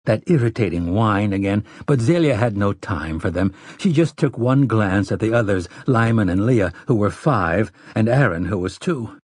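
A man reading an audiobook narration in a measured, even storytelling manner. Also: lowish voice, breathy edge, no room sound, clean studio sound.

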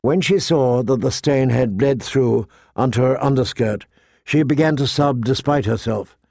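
A man narrating an audiobook in a measured, expressive storytelling manner. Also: mid-range voice, gravelly, no room sound, clean studio sound. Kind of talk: audiobook reading.

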